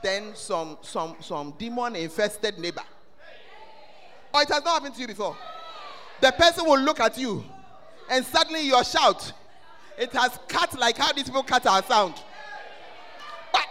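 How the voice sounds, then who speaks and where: A man preaching a sermon in a church, swelling into loud, sing-song shouting. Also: extremely high pitch, lively intonation, normal speed, long pauses, a little hiss or hum. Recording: long reverb of a church hall.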